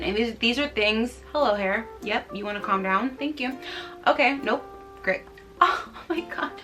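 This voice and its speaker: With a pushed, bright, fairly high voice, a twenty-something American woman with a Californian accent talks to camera about learning a language, giggling and poking fun at herself.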